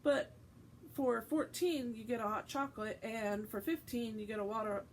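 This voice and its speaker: A woman's voice: on the high side, steady tone, normal speed, slight background noise, natural voice, low-quality recording. A woman voicing a cheeky young male wizard bus conductor with brash, chattering sales patter.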